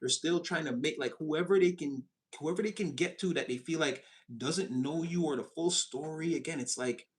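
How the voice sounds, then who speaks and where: Lively man giving a tarot reading. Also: fairly high pitch, moderate pace, hardly any pauses. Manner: animated, chatty, swings into voices, laughs often. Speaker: tarot reader. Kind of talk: casual tarot reading monologue.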